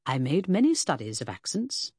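A reader voicing a fussy, pompous Victorian gentleman detective who lectures precisely. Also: a little high, wildly swooping pitch, moderate pace, slightly rough, no room sound, clean studio sound, exaggerated voice. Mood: pedantic.

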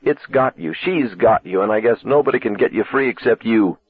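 A man's voice: on the low side, expressive, brisk, breathy edge. A man reading aloud, voicing a teenage girl who pleads on the phone, close to tears. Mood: pleading. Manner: pleading, wavering toward tears. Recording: tinny lo-fi cassette sound.

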